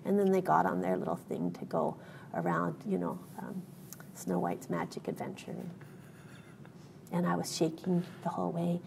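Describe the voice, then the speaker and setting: A woman's voice: lowish voice, sing-song, normal speed, gravelly, background noise. A woman guest in an interview, telling a personal story in an earnest way, with many fillers and restarts.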